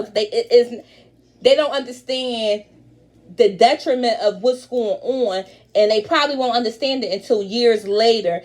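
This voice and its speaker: Woman vlogger, frank reality TV recap, slightly high voice. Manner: animated, opinionated, frank. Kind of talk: casual recap chat.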